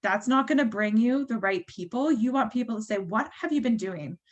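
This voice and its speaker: A woman's voice: on the high side, animated, fairly quick, lo-fi sound. Woman, 30s, team leader on a call; chatty, encouraging, lots of fillers.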